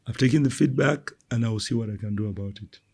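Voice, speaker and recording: A middle-aged man with a slightly husky, breathy voice chats easily about raising his children. He talks in a relaxed, conversational way and slips into lively acted-out quotes. His pitch sits in an ordinary middle range. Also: fast talker. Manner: animated, acts out quoted voices loudly. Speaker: parenting podcast co-host. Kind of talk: casual conversational talk.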